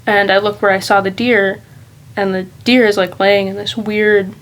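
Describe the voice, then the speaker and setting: A woman's voice: medium pitch, little pitch movement, normal speed, a little hiss or hum, poor audio. Rambling, candid woman vlogger. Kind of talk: casual reflective monologue.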